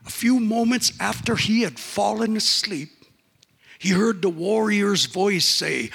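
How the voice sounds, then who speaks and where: A man's voice: high-pitched, expressive, measured pace, creaky, a bit bright, husky, in a large hall. A man telling a folk tale in a folksy way, peppered with "eh?" asides. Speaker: storyteller.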